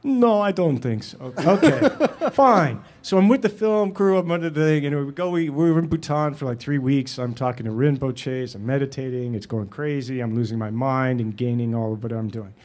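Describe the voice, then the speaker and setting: A man in his forties, an actor and director, answering audience questions with halting, filler-filled anecdotes and frequent laughter, on a stage before an audience. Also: medium pitch, steady tone, mellow. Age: 40s. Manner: halting, many fillers and restarts; laughs while telling stories.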